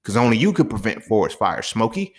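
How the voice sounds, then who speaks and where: A man's voice: on the low side, big pitch swings, brisk. A young man hosting a solo podcast, talking in a heated, profane, exasperated rant. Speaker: podcast host. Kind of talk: casual solo podcast monologue.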